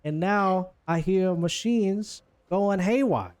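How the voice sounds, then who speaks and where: A man's voice: high-pitched, takes it slowly, pitched above the performer's own voice. A man doing a foul-mouthed Jersey gang boss woman. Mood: angry. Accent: New Jersey put-on. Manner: loud, swearing, shouting.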